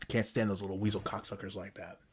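A man's voice: fairly low pitch, little pitch movement, fast, a little hiss or hum. A man hosting a solo show, ranting bluntly and profanely, often restarting his sentences. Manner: frequent restarts and stumbles. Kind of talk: solo opinion rant.

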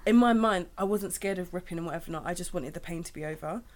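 A woman's voice: fairly low pitch, fast. A young woman chatting candidly, rambling with many restarts. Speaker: guest sharing her birth story. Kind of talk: casual chat.

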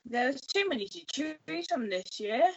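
A woman on a podcast panel, chatting in a lively way with laughs and mock exasperation. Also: sits high, normal speed, breathy edge. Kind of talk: casual chat. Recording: muffled audio with faint noise.

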